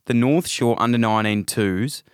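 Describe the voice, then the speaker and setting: A man's voice: mid-range voice, moderate pace, smooth, dry recording, clean studio sound. Australian man reading listener messages. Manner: reads listener messages, laughs often. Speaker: podcast co-host. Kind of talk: casual sports chat.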